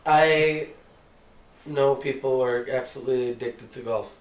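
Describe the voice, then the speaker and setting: A man's voice: medium pitch, fairly even intonation, moderate pace, a little hiss or hum. A man co-hosting a casual chat, easygoing, chiming in with short reactions. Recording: echoey room, distant mic.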